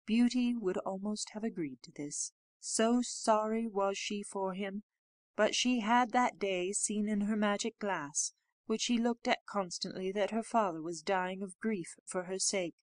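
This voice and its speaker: A woman narrating a fairy tale aloud in a measured, clear storytelling manner. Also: mid-range voice, no room sound. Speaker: audiobook narrator. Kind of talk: storybook reading.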